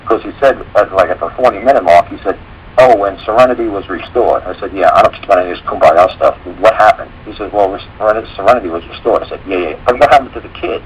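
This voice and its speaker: A man with a fairly low voice tells stories on a talk radio show, rattling along at a brisk clip. He rambles and slips into the voices of the people he quotes. A faint hiss of noise sits under the recording. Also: highs cut off. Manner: rambling storytelling, acts out quoted dialogue.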